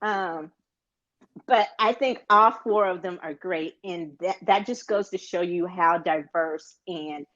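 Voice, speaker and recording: A woman's voice: on the low side, slow pace, fairly bright tone, no room sound. An American woman co-hosting a podcast in a casual, rambling chat, with many fillers. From United States. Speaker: podcast co-host. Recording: dull, dry lo-fi sound.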